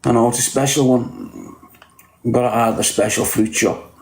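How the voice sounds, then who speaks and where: A man's voice: medium pitch, fairly even intonation, normal speed, roomy sound, low-quality recording. A man with a Liverpool accent chatting casually on a livestream, greeting viewers and teasing them bluntly with heavy swearing. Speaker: livestreamer reading viewer comments.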